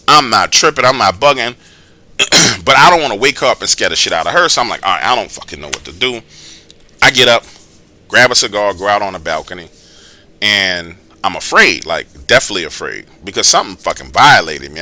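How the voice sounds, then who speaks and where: A man telling his own eerie encounter in casual, slangy, profane storytelling. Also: medium pitch. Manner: profane, slangy, animated retelling.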